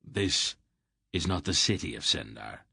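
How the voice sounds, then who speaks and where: Male narrator as a firm, courteous old farmer; deep and husky. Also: sing-song, unhurried, sharp tone, no room sound, studio quality, exaggerated voice. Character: pious, stubborn, courteous older male farmer.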